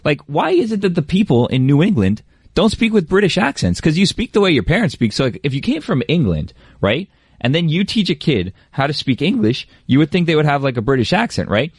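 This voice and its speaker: A man's voice: on the high side, sing-song, brisk, husky, no echo, studio quality. A man chatting casually on a radio show, rambling with lots of fillers and slang.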